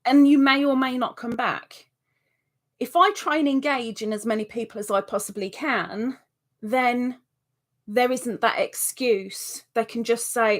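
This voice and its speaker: A woman hosts a live stream with a relaxed, unhurried delivery and a voice sitting a little high. She chats casually, reads out viewer comments and answers them, and bursts into excitable exclamations.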